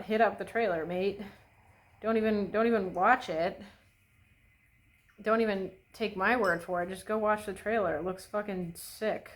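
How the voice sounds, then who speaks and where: A woman's voice: mid-range voice, rough recording. Chatty, foul-mouthed young woman vlogger. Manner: swears freely, chatty and opinionated; rambling with many fillers and restarts. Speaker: beauty vlogger. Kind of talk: casual chat while doing makeup.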